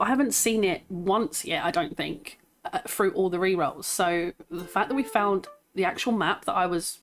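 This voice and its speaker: Woman, gaming youtuber, excited play commentary, squealing, gushing, nervous laughs, desk mic. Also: mid-range voice, low-quality recording.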